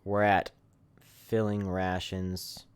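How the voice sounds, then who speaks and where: A man's voice: sits low, monotone, very slow, clear, resonant tone. A man casually commentating a game stream, reading the on-screen text aloud and joking at his own expense. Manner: self-deprecating, reads game text aloud. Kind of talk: casual let's-play commentary.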